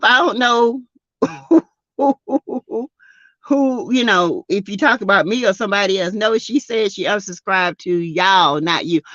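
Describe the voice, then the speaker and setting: A woman's voice: fairly high pitch, a bit bright, no echo, dull audio. A Southern US woman hosting a casual livestream, reading viewer comments aloud and laughing often. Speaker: livestream host reading chat. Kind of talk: casual live chat.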